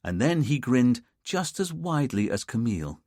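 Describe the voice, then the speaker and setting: A man narrating a mystery audiobook in an expressive storytelling manner. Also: mid-range voice, moderate pace, no echo. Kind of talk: scripted narration. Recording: dry close studio sound.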